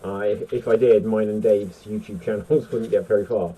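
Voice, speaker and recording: A man hosting a casual panel chat, excitable and chatty. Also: on the low side, moderate pace, husky, low-quality recording. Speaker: host.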